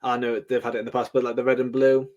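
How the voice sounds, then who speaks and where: A man's voice: mid-range voice, flat delivery, rapid-fire, a little mellow, dull audio. A man co-hosting a podcast in casual chat, teasing and joking with his partner. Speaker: podcast co-host.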